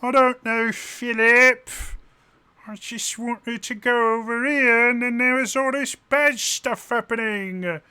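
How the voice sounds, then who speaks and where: Squeaky, whiny comic-relief sidekick, very high, loud. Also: male voice, steady tone, slow, clean tone, no echo, heavily acted. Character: silly, timid male comic-relief sidekick.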